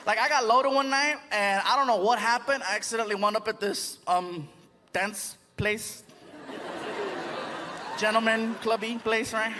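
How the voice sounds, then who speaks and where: High-pitched guy doing stand-up, animated, big hall reverb, loud crowd. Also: normal speed, a little hiss or hum. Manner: animated, switches into many impressions. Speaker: stand-up comedian. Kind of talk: stand-up storytelling. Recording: live stand-up in a large hall with a laughing crowd.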